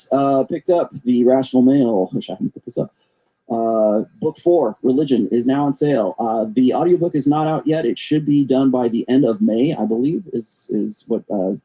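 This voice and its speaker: A man's voice: medium pitch, warm tone, husky, dull audio. A middle-aged man hosting his own show, talking in a rambling monologue that often repeats and restarts words. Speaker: show host. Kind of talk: casual monologue commentary.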